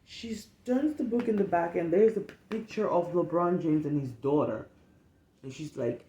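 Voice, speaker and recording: A woman telling stories in casual talk, animated and profane, acting out the people in them. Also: on the low side, moderate pace, reverberant, lo-fi sound. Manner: animated, profane, acts out the people in her story. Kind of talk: casual storytelling.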